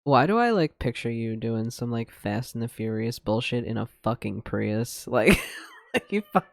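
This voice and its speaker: A woman's voice: rumbling low, sing-song, moderate pace, gravelly, dry recording, studio quality. A woman co-hosting a podcast, bantering playfully and teasing her co-host. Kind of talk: casual chat.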